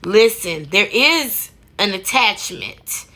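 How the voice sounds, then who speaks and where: A woman's voice: medium pitch, lively intonation, slow pace, bright, forceful tone. A woman hosting a casual commentary, talking in a sassy, colloquial way with laughing asides. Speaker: commentary host.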